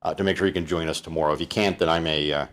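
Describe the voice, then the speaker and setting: A man's voice: very deep voice, steady tone, racing, fairly bright tone. A middle-aged man from Canada presenting a live-streamed keynote, chatty and loose, with frequent fillers and restarts. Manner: conversational, fillers, many restarts.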